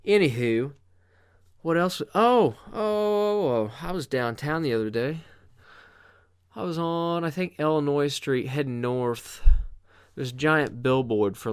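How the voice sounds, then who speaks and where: A man hosting a podcast, ranting alone in a loose and casual way. He swears constantly and sounds exasperated. His voice sits at a middling pitch. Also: smooth. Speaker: podcast host.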